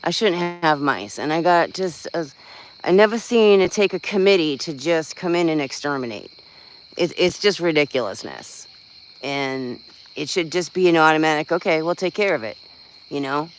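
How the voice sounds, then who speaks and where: A man's voice: on the high side, lively intonation, normal speed, slight background noise, poor audio. A man chatting casually on a livestream, venting bluntly, swearing freely and rambling with lots of fillers. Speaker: livestream host. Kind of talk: casual live-stream chat.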